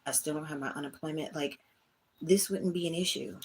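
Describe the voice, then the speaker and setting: Low-voiced woman venting on a livestream. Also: fairly quick, a little hiss or hum. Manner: candid, venting, talks straight to chat. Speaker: livestream host. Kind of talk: casual livestream chat. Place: indoors at home, small room.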